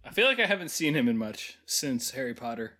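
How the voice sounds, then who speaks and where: A man's voice: medium pitch, very animated, a little fast, bright, forceful tone. A man co-hosting a podcast in casual chat, blunt and sarcastic about films, laughing often. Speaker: podcast co-host.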